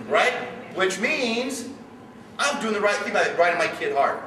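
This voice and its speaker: A middle-aged man coaching, giving an animated story-driven talk to parents and questioning his audience. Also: high voice, takes it slowly. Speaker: youth sports coach. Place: room with an audience. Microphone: distant room mic. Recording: echoey room, distant mic, background noise.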